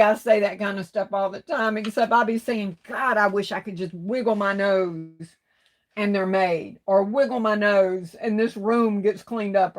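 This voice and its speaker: A middle-aged woman hosting a livestream, reading viewers' comments and greeting each by name as sweetheart and baby, saying y'all. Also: mid-range voice. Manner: Southern-style speech with y'all. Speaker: livestream host reading chat. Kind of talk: casual live-stream chat.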